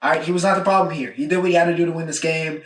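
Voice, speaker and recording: A young man hosts a solo sports recap, casual and emphatic, circling back to drive his points home. His voice sits a bit high. He sounds set back from the mic in a roomy, echoing space. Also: steady tone, rapid-fire, a bit bright. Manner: casual, emphatic, repeats points with "all right?". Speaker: podcast host. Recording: echoey room, mic at a distance.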